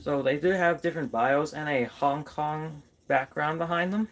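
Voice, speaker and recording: A man's voice: on the high side, normal speed. Playful man chatting through a toy review. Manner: playful, chats to his toys as if they were people. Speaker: toy collector reviewing his figures. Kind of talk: casual toy review vlog.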